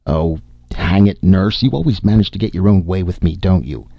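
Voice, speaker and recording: A man reading the part of a gruff, teasing family doctor with folksy speech, in a deep voice. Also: lively intonation, moderate pace, no echo, lo-fi sound, heavily acted.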